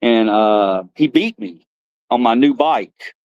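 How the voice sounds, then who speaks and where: A man's voice: mid-range voice, lively intonation, slow pace, a little mellow, no echo, muffled recording. Middle-aged male streamer, rambling storyteller, mid-range voice, dry close mic. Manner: rambling storyteller, laughs at himself. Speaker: livestream host. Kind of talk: casual live-stream chat.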